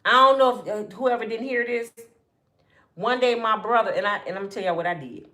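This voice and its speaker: A woman tells her audience a story in lively, casual speech, her voice on the high side and her pace brisk. She animatedly acts out quotes, switching between hushed and raised voices, and talks colloquially, calling listeners "y'all."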